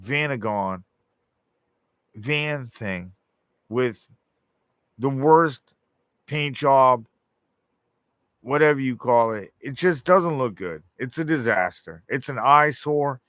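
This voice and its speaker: A man's voice: medium pitch, expressive, takes it slowly, long pauses, fairly bright tone. A man rambles through a profane monologue, acting out the voices he quotes. His voice sits in a middle range. The sound is close and dry, with no room echo. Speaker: show host.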